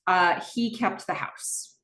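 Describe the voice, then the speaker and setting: Lady doing a chill podcast recap, kinda low voice, lots of ums, roomy sound. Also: animated, slow, a bit bright. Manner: chatty with frequent fillers. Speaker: podcast host. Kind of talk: casual episode recap. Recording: roomy echo.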